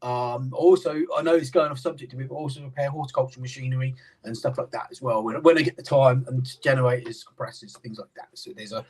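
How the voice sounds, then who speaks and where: A man's voice: mid-range voice, fairly even intonation, fast, few pauses, darkish tone, husky, far from the mic, low-quality recording. A British man in casual chat, rambling with many fillers and restarts as he explains his knife-sharpening work. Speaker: knife sharpener and maker, guest. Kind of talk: casual chat on a live stream.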